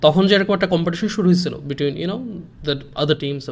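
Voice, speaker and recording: Fast-talking man, code-switching. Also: a little high. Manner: fast, switching between English and Bengali, many fillers. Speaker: podcast host and coach. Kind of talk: casual streamed chat.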